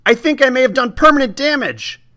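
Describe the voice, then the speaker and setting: A man doing a shrill, squawking old lady. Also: expressive, fairly quick, bright, forceful tone, exaggerated voice. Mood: strained, cross. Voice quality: squawking, screechy. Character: eccentric shrill old woman, bossy and impatient.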